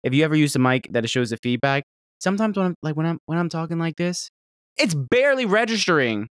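Southern male podcast host, casual, profane rant, swings from loud to mumbled, close dry mic. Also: on the high side, sing-song, quick pace, no echo. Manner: rambling, profane, self-deprecating, jumps between loud outbursts and mutters. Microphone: desk microphone held close.

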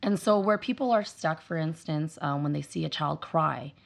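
A woman with a low voice and a gravelly edge speaks as a guest in a casual interview. She is a young mother who tells stories with energy, acting out her children's lines as she goes. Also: moderate pace. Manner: animated storyteller, acts out her kids' voices.

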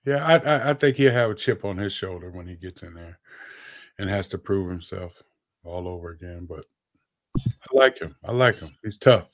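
Low-voiced man in halting sports chat. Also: animated. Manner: halting, repeats words while gathering thoughts. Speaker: podcast host, former player.

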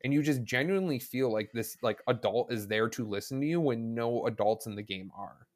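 Brisk and medium-pitched, a man talks about a video game as a guest on a relaxed podcast. His enthusiasm spills into rambling, and he keeps restarting his sentences.

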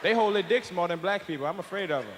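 Brash high-voiced stand-up comedian in a hall. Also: male voice, fast talker, background noise. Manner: brash, profane, animated. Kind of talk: live stand-up performance. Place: large live venue. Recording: echoey live hall with loud crowd.

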